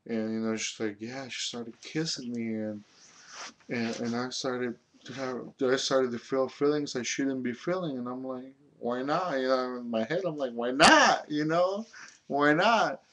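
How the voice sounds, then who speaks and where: A man's voice: medium pitch, fairly even intonation, moderate pace. A young man telling a story from his own life in a rambling, casual way, full of filler words and swearing.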